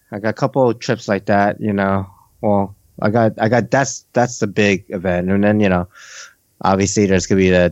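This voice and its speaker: A man's voice: sits low, no echo, lo-fi sound. A man hosting a casual hobby podcast, chatting in a laid-back way with many fillers. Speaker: podcast host. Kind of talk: casual chat.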